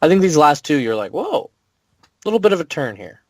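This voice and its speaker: A man's voice: on the high side, big pitch swings, very fast, dry recording. A young man co-hosting a podcast, chatting loosely with crude jokes. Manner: joking, loose, crude asides. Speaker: podcast co-host. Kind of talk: casual chat.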